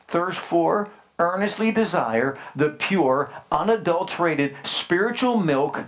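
A man pastor preaching a sermon emphatically, speaking straight to his congregation and building into fervent, rising passages. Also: on the high side. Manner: addresses the congregation directly with calls like "Amen?".

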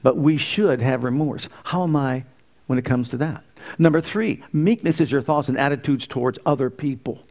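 A man's voice: medium pitch, normal speed, a little mellow. A middle-aged man preaching a sermon, folksy and humorous, asking the congregation rhetorical questions. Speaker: pastor.

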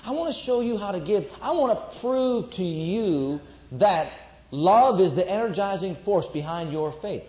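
A man's voice: high voice, animated, a little slow. A man preaching a sermon to a congregation, emphatic and repeating his declarations. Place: church before a congregation. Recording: echoey, dull lo-fi recording.

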